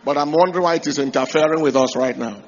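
A male preacher giving an emphatic sermon, raising his voice to shout key points and asking the congregation rhetorical questions. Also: fairly high pitch, fast talker, highs cut off, faint music behind. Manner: emphatic, rising to shouts to drive points home.

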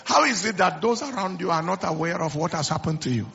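A man's voice: sits high, animated, fast talker, gravelly, a bit bright, slight background noise. A middle-aged man preaching a sermon, telling stories and repeating phrases, with stammered restarts. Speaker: pastor. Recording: slightly dull lo-fi sound.

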